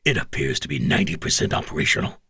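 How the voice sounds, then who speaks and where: A man voicing an injured alien male junior officer in a low, guttural voice. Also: sing-song, rapid-fire, pushed and bright, husky, no echo, studio quality, exaggerated voice. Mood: grim.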